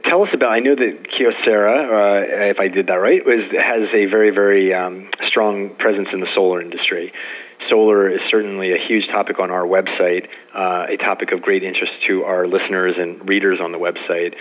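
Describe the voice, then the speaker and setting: A man hosting an interview podcast in a casual, chatty way, often restarting his sentences. His voice sits low and sounds a little husky. He talks warmly to his guest, with plenty of filler words. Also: steady tone, fairly quick, phone-quality sound. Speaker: podcast host.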